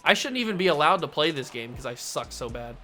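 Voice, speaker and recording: A man's voice: a little high, big pitch swings, fast talker, sharp tone. A young man commentating his own baseball video game play, self-deprecating and exasperated at his mistakes. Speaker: gaming YouTuber host. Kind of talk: gameplay commentary.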